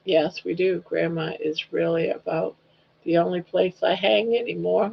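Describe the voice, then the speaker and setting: A woman's voice: fairly low pitch, steady tone, moderate pace, gravelly, slightly rough. An older woman hosting a casual livestream chat, rambling along, reading viewers' comments aloud and cooing at her dog. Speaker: livestream host. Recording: dull lo-fi livestream audio.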